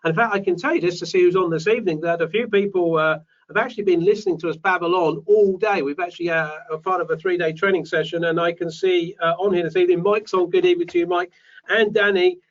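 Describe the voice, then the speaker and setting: Brief: British male host, chatty and upbeat, higher voice, recorded off-mic and dull. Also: fairly even intonation, quick pace, far from the mic. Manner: chatty, reads out viewer names. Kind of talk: live webinar chat.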